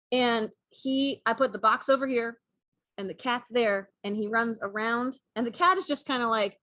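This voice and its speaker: A woman co-hosting a chat show, telling a story in a casual, animated way and laughing often. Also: fairly high pitch, normal speed, no room sound. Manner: animated, laughing, acts out cat and mouse voices. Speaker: podcast co-host.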